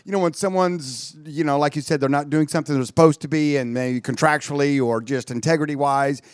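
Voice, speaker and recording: A man's voice: on the high side, steady tone, brisk, clear, resonant tone, no echo, clean studio sound. A man co-hosting a business radio show, chatting casually and playfully, sometimes sing-song when joking.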